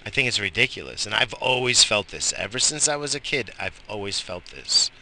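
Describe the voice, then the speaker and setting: Gravelly, profane rambling man. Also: on the low side, sing-song, brisk, pushed and bright, slight background noise. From Long Island, New York. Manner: profane, rambling, restarts and trails off. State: slightly high. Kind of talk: rambling casual monologue. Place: outdoors in bright sun.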